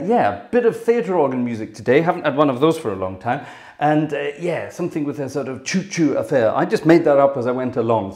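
A man's voice: mid-range voice, a little mellow. British guy chatting on his organ channel, kinda out of breath, lots of um and yes, rambly. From Britain. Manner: chatty and rambling, full of ums and yeses. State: a bit out of breath. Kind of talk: casual video update. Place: music room.

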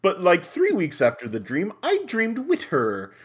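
A man's voice: high-pitched, huge pitch swings, a little slow, slightly rough. A man reading a clumsy fan story aloud for laughs, stumbling over the wording and cracking up. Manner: stumbles over awkward phrasing, breaks into laughter. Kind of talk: comedic dramatic reading.

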